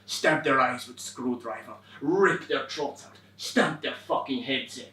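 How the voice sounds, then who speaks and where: An actor on stage playing a furious, drunk Siberian driver who snarls in slow, broken English, heard from far off in a roomy hall. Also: male voice, mid-range voice, pushed and bright. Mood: raging. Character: menacing drunk Siberian man driver, raging.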